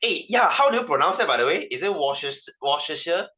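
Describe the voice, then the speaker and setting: A man's voice: fairly high pitch, expressive, fast, sharp tone, lo-fi sound. A young man with a Malaysian English accent teaching a casual science lesson, chatty and joking, with constant "right?" asides. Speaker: science tutor.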